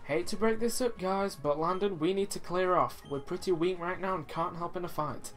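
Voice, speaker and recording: A man's voice: high-pitched, moderate pace, fairly bright tone, faint music behind. A man voicing a blunt, sassy young woman from a video game, in a raised voice. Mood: snippy. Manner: blunt and snippy.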